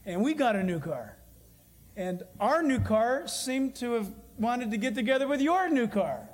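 A man preaching a sermon in church, earnest and full of stories, slowing down to stress key phrases. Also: extremely high pitch, sing-song. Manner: earnest, storytelling preacher with emphatic slowed phrases. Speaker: pastor.

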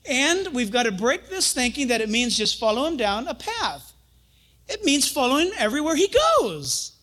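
A pastor and Bible teacher giving a sermon, telling stories in an animated way, chuckling often and acting out quotes. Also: male voice, very high voice, moderate pace.

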